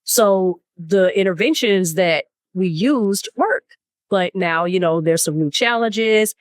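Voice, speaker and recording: A woman therapist in a casual podcast chat, measured and reflective. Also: medium pitch, dry recording, clean studio sound. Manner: measured and reflective, with some restarts.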